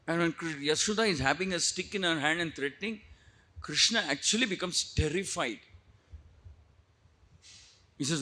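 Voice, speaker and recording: A man, a preacher giving an animated devotional storytelling lecture. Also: fairly high pitch.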